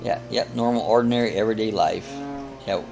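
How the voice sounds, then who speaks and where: Reading viewer comments aloud with chuckles and rambling asides, this older man hosts a live coffee chat set over music. He talks fairly quickly in a lowish, creaky voice.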